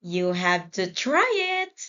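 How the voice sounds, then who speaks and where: A woman teacher giving a children's English lesson, prompting read-alongs in a slow, deliberate way. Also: lowish voice, big pitch swings, pushed and bright, muffled recording.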